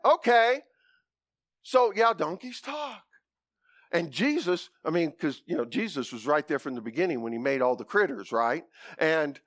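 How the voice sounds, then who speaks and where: A man preaching a folksy, animated sermon, with whoops and asides to the congregation. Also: fairly high pitch, dry recording, clean studio sound.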